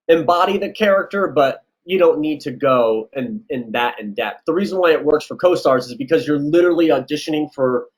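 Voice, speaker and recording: A man who works as a casting director, giving relaxed, chatty advice in an interview and acting out little exchanges. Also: fairly high pitch, low-quality recording. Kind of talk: casual interview answers.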